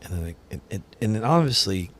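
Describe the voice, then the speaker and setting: A man's voice: lowish voice, very animated, fast talker, husky. A middle-aged man hosting a podcast, chatting casually and bluntly, joking and swearing as he tells stories about his kids. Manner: blunt, jokey, swears, tells family anecdotes. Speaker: podcast host. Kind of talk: casual interview chat.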